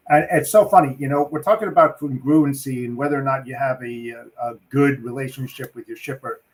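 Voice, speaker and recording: A man co-hosting a morning talk show, telling stories in a lively way and acting out phone calls. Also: medium pitch, fairly quick, low-quality recording. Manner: lively storyteller who acts out phone calls. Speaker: co-host. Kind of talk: casual morning show storytelling.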